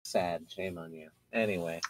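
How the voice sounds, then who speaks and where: A man's voice: low-pitched, steady tone, moderate pace, over a noisy crowd, low-quality recording. A man playing in a tabletop game, chatting casually and teasing the others.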